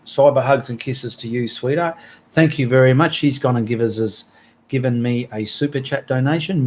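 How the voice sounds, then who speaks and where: A man's voice: mid-range voice, a little mellow, slight background noise. An Australian man hosting an art livestream, reading out viewer comments in a friendly, chatty way with slips and restarts.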